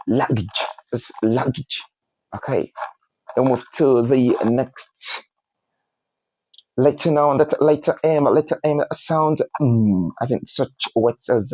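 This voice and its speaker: A man teaching a phonics lesson, spelling out letters one by one and repeating each word slowly. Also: medium pitch, a little mellow, no echo, rough recording.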